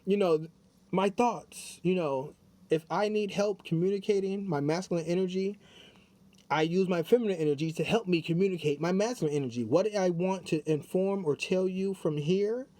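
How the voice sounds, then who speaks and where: A man's voice: a little high, warm tone, dry recording. A man doing a casual spiritual tarot card reading, chatty and repetitive, talking straight to his viewers. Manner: chatty, repeats himself, talks straight to viewers. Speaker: tarot reader.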